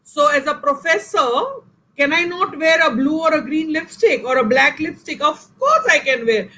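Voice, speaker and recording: Indian lady professor, high voice, earnest and emphatic, talking right to the audience. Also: expressive, normal speed, pushed and bright, low-quality recording. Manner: emphatic, earnest, addresses listeners directly. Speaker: guest speaker, professor. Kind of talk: online talk session answering questions.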